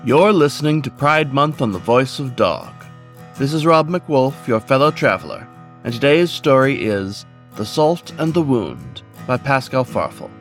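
A man's voice: medium pitch, big pitch swings, measured pace, faint music behind. A man hosting a story podcast, giving an earnest, solemn scripted introduction. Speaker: podcast host.

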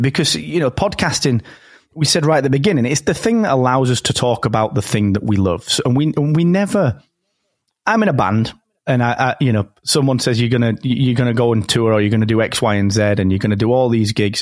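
A man hosting a podcast in casual chat, energetic and fond of metaphors, often repeating words as he starts a thought. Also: medium pitch, no echo, studio quality. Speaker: podcast host.

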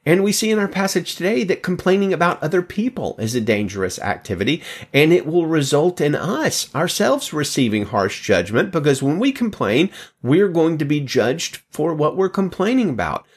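A man's voice: fairly high pitch, sing-song, moderate pace, slightly rough. A man hosting a devotional, reading Bible passages aloud and commenting on them in a conversational tone with joking, self-deprecating asides.

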